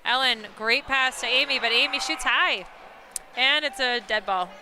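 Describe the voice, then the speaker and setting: Woman play-by-play caller, high and bright, excitable, talks straight to the viewers. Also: normal speed, a little hiss or hum. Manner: excitable, laughs and exclaims at big plays; chatty, talks to viewers watching online. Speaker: play-by-play commentator. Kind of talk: live sports commentary.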